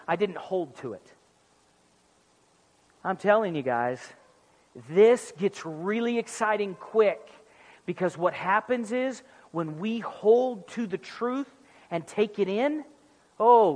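A man preaching a sermon in a church, animated and acting out little comic dialogues. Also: high voice. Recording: music under voice, long hall reverb.

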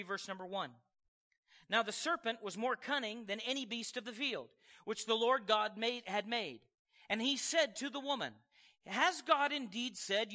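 A man's voice: high-pitched, pushed and bright, long reverb tail. A man preaching a sermon, reading scripture and talking it through in a conversational, emphatic way, often checking in with his listeners. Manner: conversational, emphatic preaching with frequent call-outs to the congregation.

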